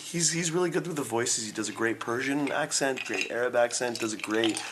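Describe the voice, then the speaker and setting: A man co-hosting a comedy podcast, telling stories in an animated way, full of laughs and quoted voices. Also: mid-range voice, normal speed, very noisy. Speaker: podcast co-host.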